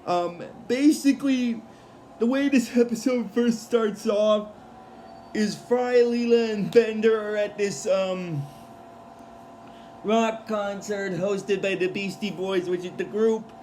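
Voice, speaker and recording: A man's voice: high-pitched, slow pace, darkish tone, a little hiss or hum, poor audio. A man giving a casual episode recap, rambling with many fillers and restarts. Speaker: show recap vlogger.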